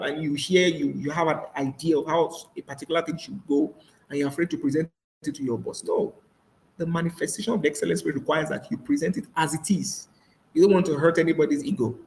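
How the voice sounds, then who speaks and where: A man's voice: fairly high pitch, echoey room, poor audio. A man preaching a sermon as pastor, telling stories with energy and acting out the voices of people he quotes. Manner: animated storytelling, acts out quoted voices. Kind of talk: sermon over a voice call.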